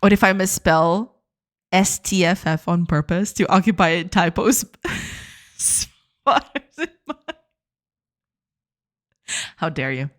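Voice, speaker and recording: A woman's voice: on the low side, slow pace. A woman game developer chatting casually on a live stream, reading and greeting her chat and laughing often. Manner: giggly, reads and greets chat.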